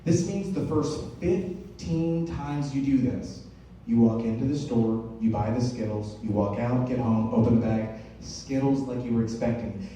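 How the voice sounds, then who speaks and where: A young man doing a stand-up comedy set on stage, telling stories with lots of filler "uh"s and slow, deadpan punchlines. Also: medium pitch, slight background noise. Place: comedy stage with a live audience. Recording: roomy, far-off live venue recording.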